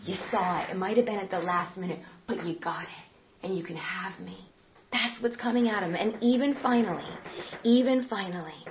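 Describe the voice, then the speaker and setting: Impassioned woman preacher, from loud to whispered. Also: on the low side, normal speed. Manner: impassioned, shifting from loud emphasis to near whispers. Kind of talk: sermon. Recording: slightly dull sound with faint background noise.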